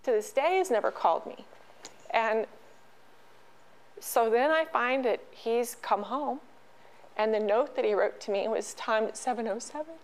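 A middle-aged woman telling a personal story as an interview guest, halting and emotional, with many restarts. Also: a little high, poor audio. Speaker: podcast guest.

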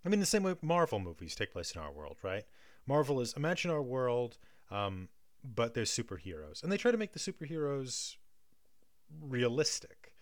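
A man's voice: medium pitch, sing-song, normal speed, no room sound, studio quality. A man in a casual analytical chat, thinking aloud with many restarts and frequent checks of "right?". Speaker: guest discussing film and theatre.

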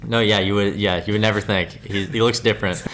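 A man's voice: on the low side, steady tone, fast, a bit bright. A young man co-hosting a casual podcast, telling a crime story loosely with many fillers and restarts. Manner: rambling, lots of fillers and restarts. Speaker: podcast co-host. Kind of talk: casual true-crime chat.

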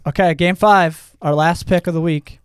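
A man's voice: on the high side, fairly even intonation, moderate pace, smooth, dry recording. A young man co-hosting a casual sports betting podcast, upbeat as he runs through the week's picks. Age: young adult. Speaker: podcast co-host.

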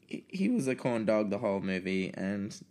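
A man's voice: lowish voice, very animated, normal speed, darkish tone. Laid-back young man, wry podcast chat. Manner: wry, laughs easily, swears casually. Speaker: podcast co-host. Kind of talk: casual chat.

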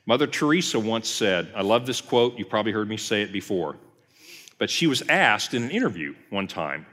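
This man's voice sits on the low side, with big swings in pitch, a brisk pace and a pushed, bright quality. As a pastor, he preaches a conversational teaching sermon for a Bible study, narrating and acting out quoted lines, with long hall reverb on the recording.

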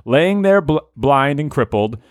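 A man's voice: medium pitch, expressive, measured pace, no echo, clean studio sound. A man hosting a comedy podcast, reading listener-written scripts aloud and laughing often. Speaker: podcast host.

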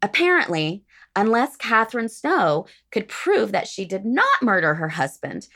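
A woman's voice: mid-range voice, huge pitch swings, measured pace, bright, forceful tone. A woman podcast host reading a prepared history segment with dry, sardonic asides.

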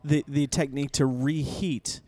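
A man's voice: mid-range voice, normal speed, no room sound, studio quality. A man co-hosting a ministry podcast, chatting casually and laughing often. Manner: laughs often, animated storytelling. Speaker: podcast co-host. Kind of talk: casual chat.

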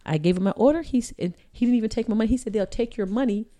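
A woman co-hosts a relaxed chat. She tells stories with animation and teases her friend. Her voice sits fairly high. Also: rapid-fire. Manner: teasing, animated storyteller. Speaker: co-host. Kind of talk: casual chat.

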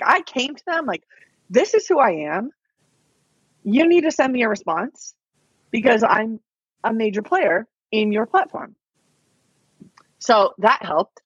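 A woman's voice: medium pitch, breathy edge, no room sound. A woman on a podcast as a guest, telling her story in a casual, chatty way full of "like" and "um". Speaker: podcast guest, online reseller. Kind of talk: casual interview chat. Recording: dull, lo-fi, dry podcast audio.

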